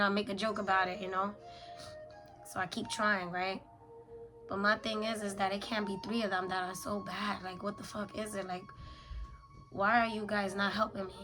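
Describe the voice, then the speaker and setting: A woman's voice: medium pitch, low-quality recording. A woman in her thirties speaking in a candid confessional journal, weary and blunt, swearing often. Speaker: mother journaling on camera.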